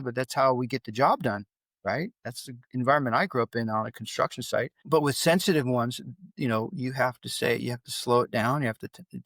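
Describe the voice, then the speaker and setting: A middle-aged father, a podcast guest, telling candid stories in a blunt, animated way that rises when he gets worked up. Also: medium pitch, no room sound.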